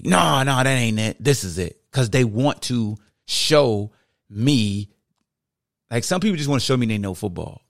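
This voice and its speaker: A male podcast host talks straight into his microphone in a relaxed, conversational way. His voice sits low and gravelly. He often breaks into the voices of fans as he quotes them, and the sound is close and dry. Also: no echo. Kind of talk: casual podcast talk.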